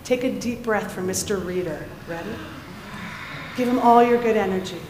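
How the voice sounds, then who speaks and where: A woman's voice: medium pitch, moderate pace, background noise. A woman reading a rhyming children's story aloud at a family worship service, coaxing her young listeners along. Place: large synagogue sanctuary. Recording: echoey hall with faint ambience.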